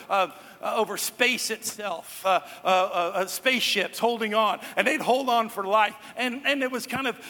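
Bright-voiced pastor in a reverberant hall. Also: male voice, sits high. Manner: conversational, joking asides to the congregation. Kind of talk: sermon. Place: church hall with a congregation.

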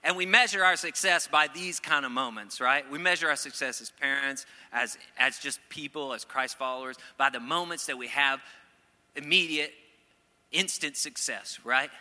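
Bright-voiced man preaching in a hall. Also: on the high side. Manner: playful, acts out quoted voices, then earnest. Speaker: pastor. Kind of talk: sermon.

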